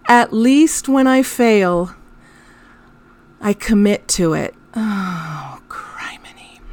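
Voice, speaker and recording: A woman in her thirties hosting a podcast, telling a story about her son in a wry, self-mocking way. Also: fairly low pitch. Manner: wry, self-mocking, animated when exasperated. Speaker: podcast host. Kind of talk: storytelling monologue.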